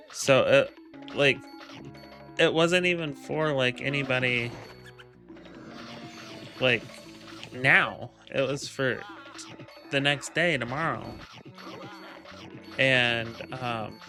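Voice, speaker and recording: A man's voice: medium pitch, bright, forceful tone. A man casually telling a rambling, profane story, full of ums, laughs and quoted lines. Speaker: gaming video creator. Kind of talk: casual storytelling over gameplay.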